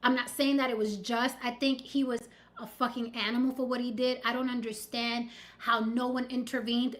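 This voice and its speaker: A woman with a high voice hosts a casual stream of news commentary. She is blunt and animated and often turns to address her audience directly. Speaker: host.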